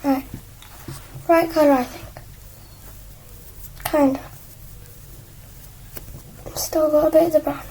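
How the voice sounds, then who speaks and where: Young woman, high voice, rambling craft vlog, self-mocking, slips into whispers, faint background noise. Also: steady tone, slow, pauses often, dark tone, rough recording. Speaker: crafting vlogger. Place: indoors at a desk. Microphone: iPad propped on a stool.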